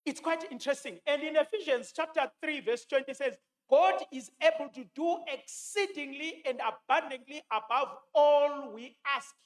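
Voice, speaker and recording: A man's voice: extremely high pitch, normal speed, few pauses. A man preaching a sermon, quoting scripture and repeating his key lines for emphasis.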